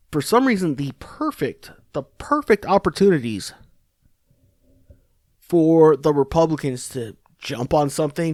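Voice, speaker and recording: A man's voice: a little high, dry recording, clean studio sound. A man hosting a podcast, giving rambling, sarcastic political commentary full of swearing and restarts. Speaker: podcast host.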